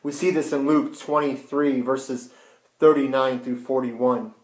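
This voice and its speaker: Male pastor, sermon, emphatic and questioning, mid-pitched voice, roomy church echo. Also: steady tone, a little slow. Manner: emphatic, rhetorical questions, dramatic hushed drops.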